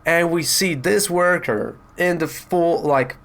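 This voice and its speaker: A man's voice: a little high, slow, creaky, a bit bright. A man casually reviewing a comic book, chatty and rambling as he retells the story.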